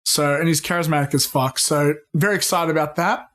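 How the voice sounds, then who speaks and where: Brief: male podcast co-host, a touch high-pitched, excitable, profane, calls people "dude". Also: fairly quick. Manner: excitable, swears freely, says "dude". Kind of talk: casual pop-culture chat.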